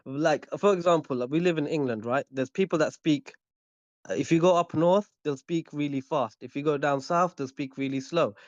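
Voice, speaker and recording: A man's voice: on the high side, normal speed. Hesitant man on a dull call line. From Bangladesh. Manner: hesitant, casual, many fillers and restarts. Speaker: debate caller. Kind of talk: live online debate. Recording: dull, dry, lo-fi call audio.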